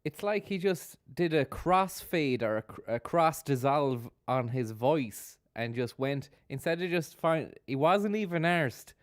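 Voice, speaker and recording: A man's voice: medium pitch, no room sound, clean studio sound. A man hosting a live stream, giving sardonic, rambling commentary on a video and swearing freely as he goes. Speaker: streamer host.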